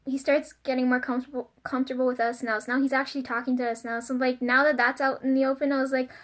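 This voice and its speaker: In a casual confessional vlog, a young woman with a high-pitched voice chats quickly and flatly, rambling loosely and leaning heavily on fillers like "like" and "um." She giggles often and comes across as flustered and self-conscious.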